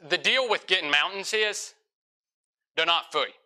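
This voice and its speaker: Animated preacher man with a bright voice. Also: high-pitched. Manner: animated, acts out conversations in quick voices. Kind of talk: sermon. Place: church, in front of a congregation.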